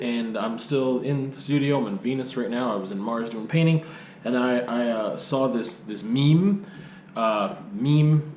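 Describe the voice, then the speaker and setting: A young man rambles into the camera from his art studio, circling back on himself and laughing at his own tangents. His voice sits at a middling pitch and rings off the bare walls of the room. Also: darkish tone, a little hiss or hum. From Canada. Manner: rambling and self-deprecating, lots of hedging fillers. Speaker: video blogger and artist. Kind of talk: casual unscripted monologue. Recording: echoey room.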